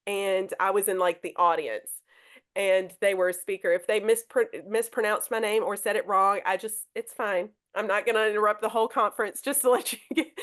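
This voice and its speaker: A woman's voice: medium pitch, fairly bright tone. A woman teacher talking through a lesson on a live podcast, chatty and hesitant, often restarting her sentences.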